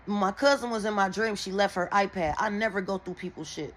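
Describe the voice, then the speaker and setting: Profane, animated woman telling a dream. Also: medium pitch, fairly quick, low-quality recording. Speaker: tarot and oracle reader. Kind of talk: casual storytelling to viewers.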